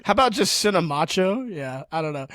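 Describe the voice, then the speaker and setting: A man's voice: on the high side, sing-song, a bit bright, dry recording, studio quality. A young man co-hosting a podcast in casual chat, joking, rambling and laughing easily. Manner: jokey, quick to laugh, loose rambling. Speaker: podcast co-host.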